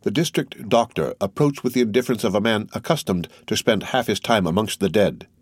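Low-voiced male audiobook narrator. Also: a little fast, breathy edge, dry recording, clean studio sound. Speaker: audiobook reader. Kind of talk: audiobook narration of a classic novel.

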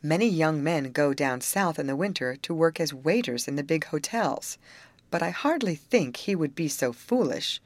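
A woman's voice: low-pitched, animated, moderate pace, dry recording. A woman voicing a kindly middle-aged father who speaks in a musing, reassuring way, in an audiobook reading.

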